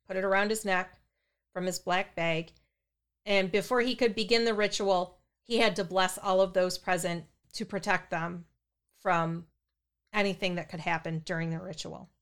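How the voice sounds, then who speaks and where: A woman's voice: fairly low pitch, steady tone, moderate pace, fairly bright tone, clear, resonant tone. A woman narrating a true paranormal story in a matter-of-fact way.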